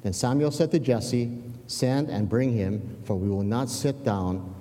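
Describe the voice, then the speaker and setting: A man's voice: mid-range voice, a little slow, mellow, big-room sound. A man preaching a sermon in a conversational way, often restarting words and checking in with "yeah?". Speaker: pastor.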